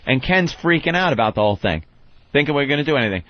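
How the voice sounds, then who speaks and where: Male talk-radio co-host, blunt profane ranter, mid pitch, slightly muffled sound. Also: big pitch swings, fast. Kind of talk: casual talk radio banter. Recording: slightly dull studio sound.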